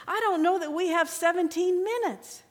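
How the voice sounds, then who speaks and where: A woman's voice: a little high, very animated, measured pace, vocal fry, full character voice. A woman reading aloud as a frightened, desperate young mother with a baby, urgent and earnest. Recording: echoey room with long reverb.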